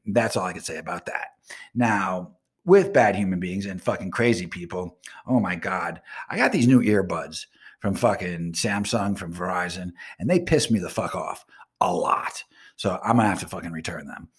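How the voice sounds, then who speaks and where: Profane male vlogger, husky voice, swooping pitch, ranting rhythm. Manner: profane, ranting, swings between loud outbursts and muttered asides. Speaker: online show host. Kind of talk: profane rant to camera.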